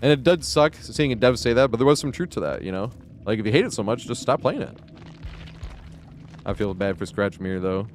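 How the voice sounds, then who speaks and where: A man's voice: medium pitch, lively intonation, a little fast, slight background noise. Easygoing man in casual stream chat. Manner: rambling, filler-heavy, laughs often. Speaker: game streamer.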